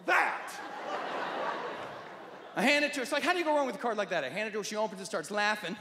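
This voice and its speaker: High-voiced stand-up comic man. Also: very fast, a crowd in the background, noisy background. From Nebraska, USA. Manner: wry, animated storytelling. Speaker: stand-up comedian. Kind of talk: stand-up comedy. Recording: echoey hall, loud audience.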